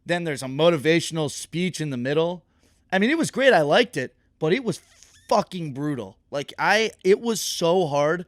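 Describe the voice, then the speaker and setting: A young man chatting casually as a podcast co-host, telling animated stories and laughing often. His voice sits a little high for a man. The sound is dry and close, with no room around it. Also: normal speed, dry recording. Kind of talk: casual chat.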